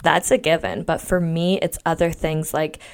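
A woman's voice: low-pitched, fairly even intonation, moderate pace. A young woman co-hosting a podcast, talking bluntly and casually and swearing freely. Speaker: podcast co-host. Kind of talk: casual chat.

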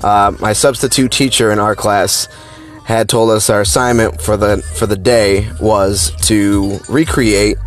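A man telling a personal childhood story in a rambling, animated way, with lots of fillers and restarts. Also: fairly low pitch.

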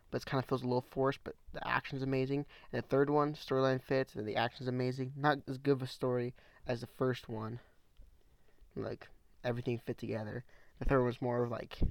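A young man hosting a casual solo podcast from a small room at home, rambling in relaxed slang. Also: medium pitch, no echo. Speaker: podcast host.

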